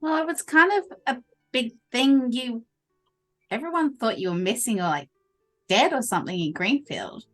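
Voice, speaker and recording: A woman's voice: on the high side, expressive, moderate pace, a bit bright, soft background music. A woman playing a tabletop game, talking casually and explaining things to the table. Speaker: player. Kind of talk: tabletop role-play.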